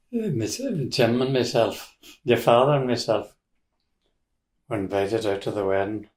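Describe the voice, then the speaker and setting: An older man with a Donegal Irish accent, speaking as an interviewee, tells rambling family stories in a casual way, restarting sentences and chuckling. His voice is fairly low, slow and a little mellow. The recording has a roomy echo.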